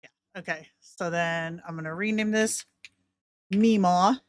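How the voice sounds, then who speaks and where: A woman's voice: lowish voice, a little slow, dry recording. A woman hosting a casual screen-share tutorial, chatty and rambling, laughing often. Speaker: tutorial host.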